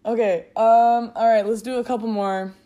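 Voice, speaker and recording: A woman's voice: fairly high pitch, steady tone, normal speed, warm tone, highs cut off. A woman hosting a casual solo podcast, rambling and giggling, with lots of filler words. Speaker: podcast host.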